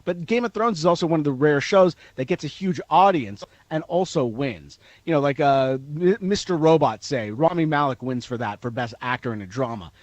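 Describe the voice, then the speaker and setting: Lively male entertainment correspondent. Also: on the high side, normal speed, few pauses, dry recording. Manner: chatty, laughs while telling anecdotes. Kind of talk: phone-in radio interview.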